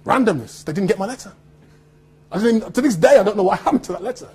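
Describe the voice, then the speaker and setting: Very husky, animated British man. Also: sits high, fast. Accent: neutral standard British. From Birmingham, England. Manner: animated storytelling with laughter and acted-out quotes. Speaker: actor speaking to students. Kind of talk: anecdotal speech to students.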